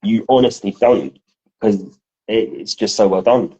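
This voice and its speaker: A man co-hosting a podcast, telling stories in a casual, animated way and swearing freely. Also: on the low side, unhurried, slightly rough, muffled recording. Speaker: podcast co-host. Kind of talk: casual chat.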